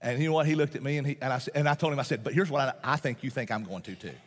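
A man's voice: mid-range voice, racing. A man, a Baptist pastor, preaching a sermon in a folksy, emphatic way, often repeating phrases and laughing between points. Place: large church auditorium. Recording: long hall reverb.

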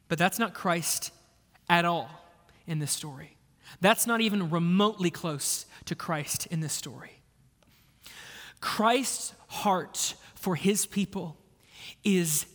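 A man preaching a sermon as a pastor, earnest, moving between hushed passages and emphatic lines. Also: sits high, animated, takes it slowly, long pauses. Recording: long hall reverb.

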